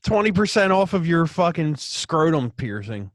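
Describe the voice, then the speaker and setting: A man's voice: fairly high pitch, sing-song, normal speed, dry recording. A man co-hosting a podcast, talking in a laid-back, profane way and laughing along. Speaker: podcast co-host. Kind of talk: casual chat.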